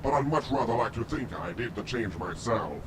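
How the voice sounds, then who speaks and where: An actor playing a masked male ex-convict who calls himself a doctor, speaking in a formal, affected way, recorded from a distance over a rumbling noise. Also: animated, fairly quick, natural voice. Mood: composed. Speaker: film character. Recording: distant mic with noisy rumble.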